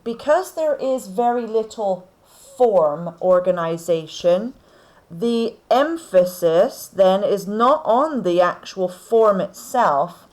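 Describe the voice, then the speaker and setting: A woman teaches a class, unhurried and measured, pausing to check with "okay?" that her students follow. Her voice sits at an ordinary middle pitch. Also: lively intonation, darkish tone, low-quality recording. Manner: slow, deliberate explaining with frequent "okay?" checks. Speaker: English teacher. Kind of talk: recorded lesson on poetry.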